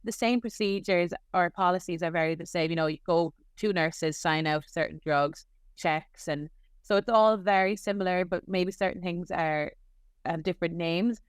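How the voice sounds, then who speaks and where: A woman's voice: on the low side, normal speed, clear, resonant tone, no room sound, studio quality. A young adult Irish woman, a nurse, chatting casually in an interview with lots of filler words. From Ireland. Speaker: nurse guest.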